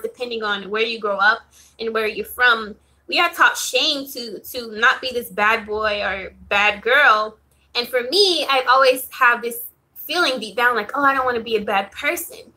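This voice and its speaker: A young woman talking casually to camera about spirituality, loose and chatty, with lots of "um"s and soft laughs. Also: fairly high pitch. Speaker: spiritual reader vlogger. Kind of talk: casual talking-head vlog.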